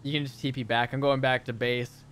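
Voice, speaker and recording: A man streaming a game roleplay as a delivery driver, talking in a hurried, chatty way and stepping out of character to talk to his chat. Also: medium pitch, little pitch movement, a bit bright, slight background noise.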